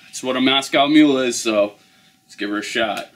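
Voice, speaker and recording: Man, drink review host, relaxed, rambling, average pitch. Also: moderate pace. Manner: laid-back, rambling with fillers. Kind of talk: casual review chat.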